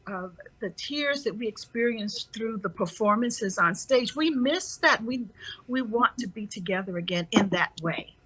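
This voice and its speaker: A woman from the United States speaks as a guest over a video call. She talks in an articulate, measured way. Her voice is bright and forward. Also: medium pitch, animated, husky, no room sound, poor audio. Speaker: guest theater artist. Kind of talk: casual interview chat.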